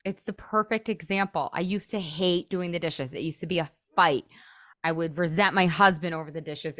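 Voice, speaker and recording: A woman's voice: fairly low pitch, a bit bright, no echo, studio quality. A woman in her thirties, a podcast host, coaching in a chatty, casual way, full of "like" and acted-out inner thoughts.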